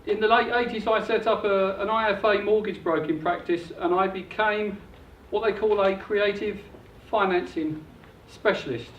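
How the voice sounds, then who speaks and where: Older guy selling a property seminar, highish voice, dull muffled echoey recording. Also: normal speed, hardly any pauses, fairly bright tone, far from the mic, a little hiss or hum. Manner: upbeat, salesy pitch. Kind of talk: seminar presentation. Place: hotel function room.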